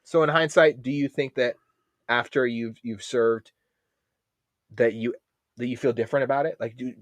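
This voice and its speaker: A man's voice: mid-range voice, steady tone, moderate pace, no echo. A man hosting a casual podcast interview, asking questions and reacting with frequent swearing. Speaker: podcast host.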